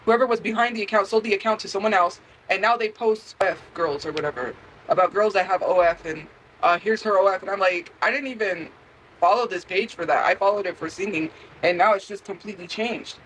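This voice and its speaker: A woman's voice: mid-range voice, a little fast, a bit bright, a little hiss or hum, rough recording. A woman livestreamer ranting to her chat, defensive and repeating her point over and over. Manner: defensive, repetitive, talks straight to chat. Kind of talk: livestream rant.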